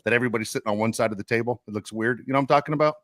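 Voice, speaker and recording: A man's voice: mid-range voice, rapid-fire, a crowd in the background. An older man co-hosting a podcast, telling rambling, self-mocking jokes in casual chat. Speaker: podcast co-host.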